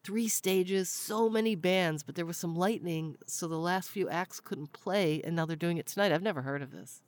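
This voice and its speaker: A woman's voice: lowish voice, moderate pace. A woman hosting a podcast, chatting casually with a teasing, jokey manner. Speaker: podcast host.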